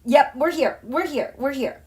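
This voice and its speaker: A woman hosting a live astrology and tarot stream, gushing and excitable, dropping into hushed, near-whispered passages. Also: high voice. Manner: soft and slow, nearly whispering. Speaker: tarot and astrology livestream host.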